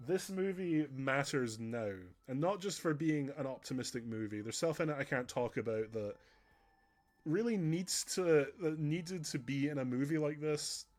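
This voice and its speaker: A man's voice: on the high side, moderate pace. A man chatting earnestly on a stream, rambling with frequent restarts.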